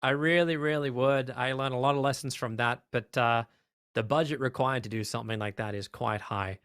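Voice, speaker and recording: An Australian man speaks as an interview guest, emphatic and quick to jump into voices of the people he describes. His delivery is animated and loose, full of fillers, in a mid-pitched voice. The sound is dry and close to the mic. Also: clean tone, dry recording. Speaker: esports caster, guest. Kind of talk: casual interview chat.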